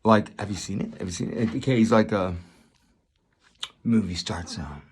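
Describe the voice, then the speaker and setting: A man vlogging a casual movie review, rambling and excited, often repeating himself. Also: lowish voice, moderate pace, breathy edge.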